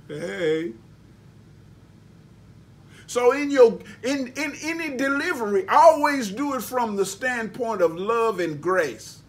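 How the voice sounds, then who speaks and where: High-voiced preacher, emphatic. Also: male voice. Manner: emphatic preaching with spelled-out words and folksy asides. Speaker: pastor. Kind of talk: sermon.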